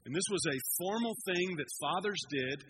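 A man, a pastor, retelling a story in a casual, animated sermon. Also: sits high, normal speed, a little hiss or hum, low-quality recording.

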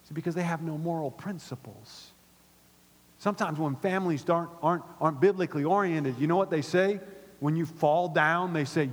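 A middle-aged pastor preaching a sermon in a church, animated and repetitive, dropping to soft asides between louder points. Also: male voice, on the high side, moderate pace. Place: church auditorium. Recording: long reverb of a large hall.

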